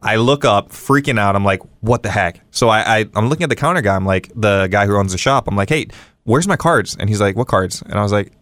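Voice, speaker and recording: Man from Hawaii, young adult, podcast guest, rapid casual storytelling, lowish pitch. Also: dry recording. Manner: fast, animated, lots of fillers and acted-out quotes. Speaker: guest streamer.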